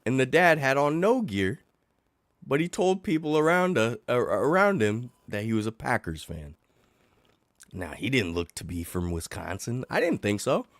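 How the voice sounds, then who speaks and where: A middle-aged man, sick and coughing, ranting in a casual livestream chat, sarcastic and animated. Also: mid-range voice, moderate pace, dry recording. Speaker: livestream host.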